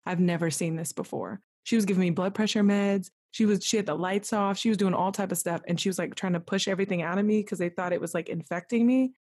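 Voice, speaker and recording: A woman's voice: mid-range voice, fast talker, few pauses, a little mellow. A young woman candidly retelling a personal story as a podcast guest, acting out what others said to her. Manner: candid, vivid retelling with quoted dialogue.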